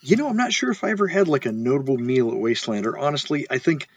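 A man's voice: medium pitch, lively intonation, fast, breathy edge. A man who is a guest on a casual podcast, rambling in a laid-back way. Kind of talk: casual storytelling interview.

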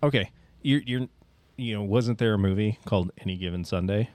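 A man with a low voice co-hosts a casual podcast, chatty and always ready with a joke. His voice sounds dry and close in a small studio. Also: fairly quick, a little mellow, no room sound. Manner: joking and chatty. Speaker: podcast co-host. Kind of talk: casual chat.

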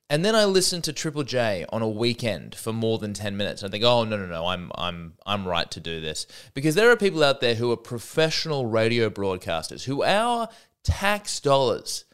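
A man's voice: fairly low pitch, a bit bright, clean tone. An Australian man hosting a solo podcast, talking in a rambling, sardonic, self-deprecating way. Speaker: podcast host.

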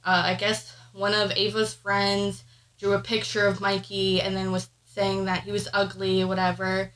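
A pregnant woman co-hosting a podcast emotionally retells a family argument in casual, personal storytelling, full of fillers. Oddly, her mid-range, slightly bright voice has a completely flat delivery at a moderate pace, and the recording is rough.

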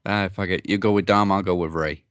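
A man's voice: low-pitched, fairly even intonation, fairly quick, a bit bright, dry recording, muffled recording. A man co-hosting a casual wrestling chat, in a laid-back, offhand way. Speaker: podcast co-host.

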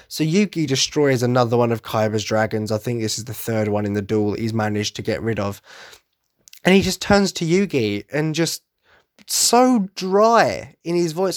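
A man's voice: mid-range voice, no room sound, studio quality. A young man, gushing enthusiastically in a casual solo podcast monologue. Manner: enthusiastic fan gushing, quick asides. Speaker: podcast host.

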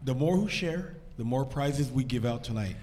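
A man with a hoarse, nearly spent voice, an excitable guest on a live show. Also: medium pitch, moderate pace. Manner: excitable, hyped. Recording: echoey room.

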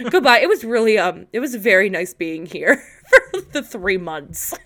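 A young woman from Illinois co-hosting a casual podcast, telling animated stories with swearing and laughter into a podcast mic. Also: medium pitch, unhurried. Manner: animated storytelling with profanity and laughter. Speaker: podcast co-host. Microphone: podcast microphone.

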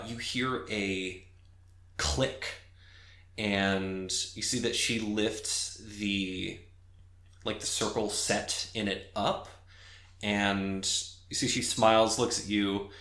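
A man narrating as game master of a tabletop role-playing game, halting with many fillers. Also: on the low side, steady tone, a bit bright, echoey room.

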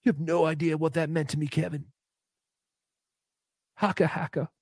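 A man voicing a needy, lonely adult man who pines for an old friend, speaking softly and pleading. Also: on the high side, level tone, moderate pace, dry recording, studio quality. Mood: mopey pleading. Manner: soft, mopey, pleading.

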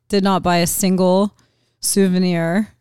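Woman, fairly low, smooth voice, dry close mic, rambling casual storyteller. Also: little pitch movement, slow, darkish tone, dry recording. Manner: chatty storyteller, many "like"s. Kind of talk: casual podcast chat.

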